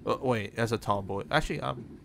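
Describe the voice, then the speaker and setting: A man's voice: mid-range voice, brisk, vocal fry, background noise. A man giving casual, profane, rambling commentary while playing a horror game. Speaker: gaming channel host. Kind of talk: casual let's-play commentary.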